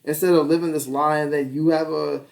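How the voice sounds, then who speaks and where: A man's voice: fairly high pitch, little pitch movement, fairly quick, gravelly, a little mellow, distant mic. A man in his thirties co-hosting a casual podcast chat, rambling and swearing, laughing often and acting out little exchanges. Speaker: podcast co-host.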